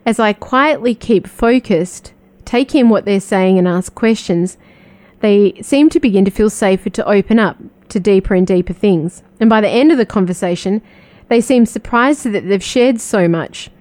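A religious sister, living in the United States but not from there, offers a gentle spiritual reflection, asking questions and sharing small personal stories. Her mid-range voice is mellow and soft-edged, at a normal speed. The recording is dry, with no room sound.

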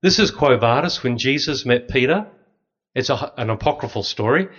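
A middle-aged man, a priest, telling lively stories with dry humor to an audience. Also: mid-range voice, moderate pace. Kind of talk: storytelling talk to an audience. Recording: slightly dull lo-fi recording.

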